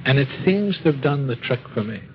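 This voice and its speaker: With lively intonation and a fairly quick, medium-pitched delivery, a man tells a story about his drinking, acting out others' words. The tone is folksy, wry, and self-mocking, and the recording has its highs cut off.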